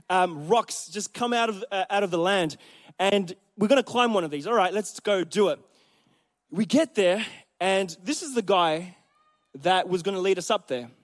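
A man preaching a sermon in a church, telling a story in an animated way and speaking directly to the congregation. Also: sits high.

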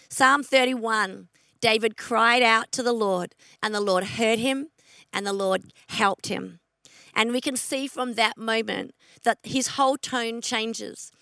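A middle-aged woman preaching a sermon, earnest, repeating her key questions and slowing down to stress scripture. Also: a little high, creaky, a bit bright, no room sound.

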